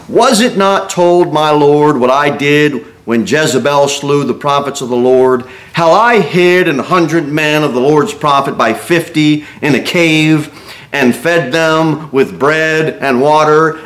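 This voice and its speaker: A man preaching an expository sermon in a church, reading scripture aloud and acting out the speakers he quotes. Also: on the high side. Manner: animated preaching, reads scripture aloud and acts out quoted speech. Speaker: pastor. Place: church sanctuary.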